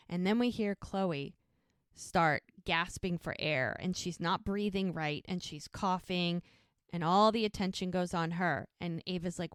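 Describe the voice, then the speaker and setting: A woman co-hosting a podcast, casually retelling scenes of a TV episode in an animated way and acting out the characters' lines. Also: on the low side, normal speed, dry recording, studio quality. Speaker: podcast co-host recapping a TV show. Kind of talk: casual recap storytelling.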